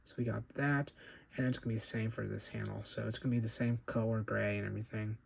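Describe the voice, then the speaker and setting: A man's voice: on the low side, fairly even intonation, fast, gravelly, breathy edge. A man casually reviewing an action figure, rambling and correcting himself as he goes. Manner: rambling, self-correcting, chatty. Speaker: toy collector reviewer.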